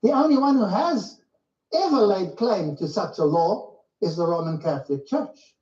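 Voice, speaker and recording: A man's voice: sits high, lively intonation, normal speed, darkish tone. A man preaching a sermon-style lecture, emphatic and full of rhetorical questions to his listeners. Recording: echoey, distant, muffled.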